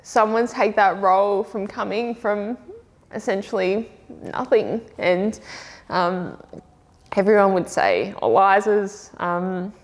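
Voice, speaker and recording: A woman's voice: mid-range voice, expressive, takes it slowly, long reverb tail. A woman with an Australian accent, an army veteran and footballer telling her story in a candid, plain-spoken, rambling way. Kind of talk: reflective personal testimony.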